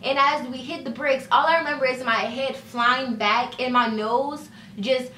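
A young woman tells a casual story to her camera, chatty and loose, dropping "like" every few words and acting out the other people's lines. Her voice is bright and a touch high. She sits a little away from the mic in an echoey room. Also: steady tone, unhurried, recorded from a distance, slight background noise. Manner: chatty, fillers of "like" and "you know", acts out quoted dialogue. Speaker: vlogger.

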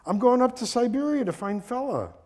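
A man voicing an eager, stubborn young husband who is excited to find his wife. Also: fairly high pitch, moderate pace.

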